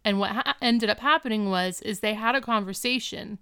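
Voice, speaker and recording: A woman's voice: medium pitch, a little fast, pushed and bright, clean tone, dry recording, studio quality. A woman co-hosting a podcast, chatting casually and animatedly as she recaps a TV episode and acts out the characters' lines. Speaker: podcast co-host.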